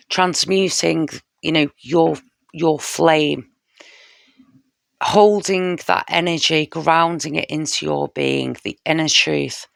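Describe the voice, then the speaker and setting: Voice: mid-range voice, creaky, fairly bright tone, no echo, studio quality. A tarot reader giving a casual spoken reading straight to the viewer, heartfelt and intimate, often checking in with "you know" and "yeah?".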